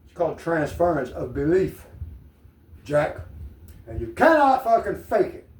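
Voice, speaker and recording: A man's voice: fairly high pitch, big pitch swings, a little slow. A man with a Southern American accent, talking in a rambling, profane, digressive monologue to the camera. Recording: echoey room, mic at a distance.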